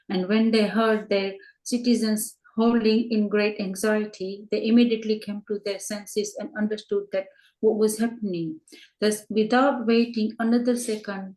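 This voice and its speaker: A woman's voice: mid-range voice, dark tone. Woman reading scripture in an echoey room. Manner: careful, stumbles and repeats words. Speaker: reader in a scripture class.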